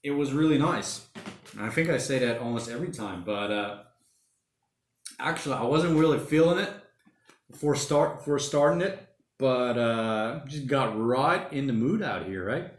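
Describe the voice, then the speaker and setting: A man hosts a relaxed livestream from his home and chats through viewer comments in a loose, rambling way, tossing in mate and bloody now and then. His voice sits at an ordinary middle pitch. The room around him is echoey. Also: normal speed. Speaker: livestream host. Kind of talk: casual livestream chat reading comments. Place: home during lockdown.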